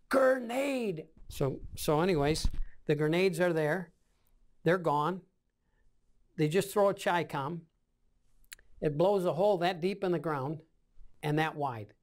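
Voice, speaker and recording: A man in his seventies, a war veteran, recounting combat memories in an oral-history interview, acting out scenes with sound effects. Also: on the high side. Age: 70s.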